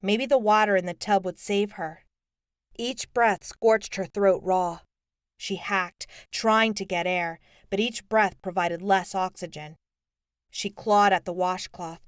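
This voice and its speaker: A woman reading an audiobook in a steady, measured narration. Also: medium pitch, smooth, dry recording, clean studio sound.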